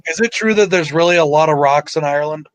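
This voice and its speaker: A man's voice: fairly high pitch, quick pace, no room sound. An American man in casual chat, joking and swearing, laughing at his own jokes. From United States.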